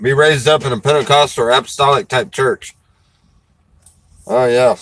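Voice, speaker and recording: A man's voice: mid-range voice, sing-song, normal speed, vocal fry, a bit bright, dry recording, poor audio. A man, a preacher and show host, chatting casually in a folksy, rambling way and laughing often. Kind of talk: casual chat.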